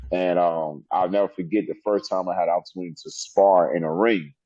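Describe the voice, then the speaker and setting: A middle-aged man, a wrestler guest in an interview, telling animated stories and laughing often. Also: deep voice, brisk, dry recording. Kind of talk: storytelling interview. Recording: dull lo-fi sound.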